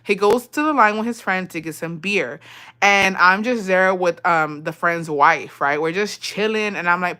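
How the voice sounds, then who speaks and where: A woman's voice: medium pitch, lively intonation, unhurried, sharp tone. A woman telling a casual storytime vlog, swearing freely, calling her viewers besties and acting out the dialogue.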